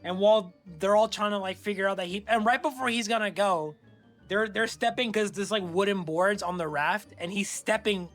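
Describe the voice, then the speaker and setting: Co-host, adult man with a high, bright voice, excitable and rambling, faint music behind. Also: normal speed. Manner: excitable, filler-heavy, lots of "like". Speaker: podcast co-host. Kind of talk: casual movie recap chat.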